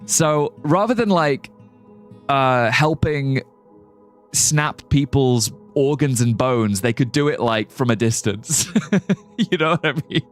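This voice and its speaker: Man rambling through lively game commentary. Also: medium pitch, slow pace, faint music behind. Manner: rambling, profane, laughs at his own ideas. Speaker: streamer. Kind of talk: live gameplay commentary.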